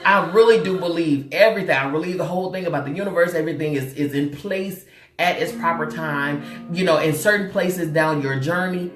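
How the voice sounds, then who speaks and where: A woman's voice: lowish voice, brisk, reverberant, soft background music. A woman from Chicago hosting a casual motivational livestream, laughing often, repeating herself and checking in with viewers directly. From Chicago, USA. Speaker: host.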